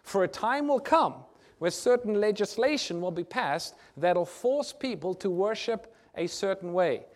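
A man delivers a sermon in a fairly high voice. He reads scripture aloud, turns often to question his listeners, and booms out the key phrases. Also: expressive, a little slow. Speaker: preacher.

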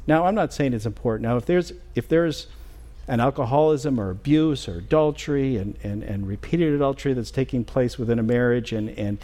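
A middle-aged man preaching a sermon as pastor in a church, earnest and halting, with many fillers and restarts. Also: mid-range voice, dark tone. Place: church sanctuary.

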